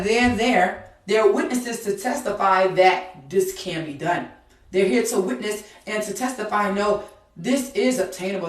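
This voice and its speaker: A woman's voice: medium pitch, distant mic. Fervent woman preaching in an echoey room. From Georgia, USA. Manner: fervent, repetitive exhortation with rising intensity. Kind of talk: sermon.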